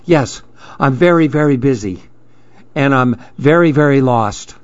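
A man voicing a fussy, busy male pigeon in a storybook reading, talking in brisk, impatient huffs. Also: mid-range voice, lively intonation, dry recording, muffled recording, lightly acted. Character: fussy, huffy male pigeon, always rushing. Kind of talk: storybook read-aloud.

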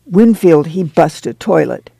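A man's voice: on the high side, lively intonation, measured pace, creaky, warm tone, slightly rough, no echo, heavily acted. Storybook tattletale girl, sly and rural, put on by a man. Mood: tattling. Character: young farm girl, tattling and cheeky.

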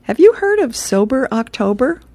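A woman's voice: sits high, very animated, normal speed, mellow, dry recording, voice pushed up. A woman reading the lines of a sly, scheming cartoon rat.

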